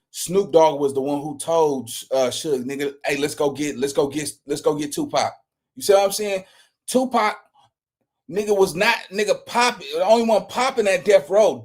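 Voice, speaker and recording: A man reacting to a clip in casual, slangy commentary, talking emphatically and restarting his words often. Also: sits high. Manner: emphatic, slangy, repeats himself. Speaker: reaction vlogger.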